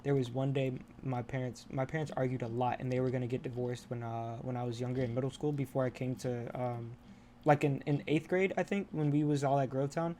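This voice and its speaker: A man's voice: medium pitch, steady tone, a little fast, warm tone, a little hiss or hum. A young man on a podcast, talking candidly and rambling, with lots of swearing and restarts. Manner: rambling, profane, restarts often. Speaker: podcast co-host. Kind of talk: casual candid chat.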